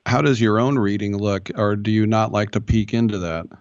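Chatty low-voiced male radio host. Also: steady tone, moderate pace, no echo, highs cut off. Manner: chatty, loose, jokey asides. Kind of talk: casual talk radio interview.

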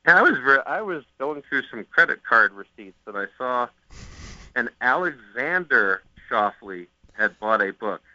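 A man's voice: mid-range voice, very animated, a little slow, sharp tone, dry recording, muffled recording. A man on a golf broadcast, casually chatting and telling rambling stories with jokes. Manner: rambling storyteller, joking.

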